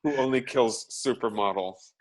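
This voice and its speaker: A man, an actor as a guest, chatting casually and telling animated, self-deprecating stories. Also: medium pitch, moderate pace. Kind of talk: casual chat.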